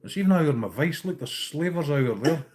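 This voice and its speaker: A woman's voice: low-pitched, animated, fast talker, warm tone. A young Scottish woman teasing her cat, sweary, laughing and chatty. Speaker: fly-tying streamer. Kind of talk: casual banter with a cat.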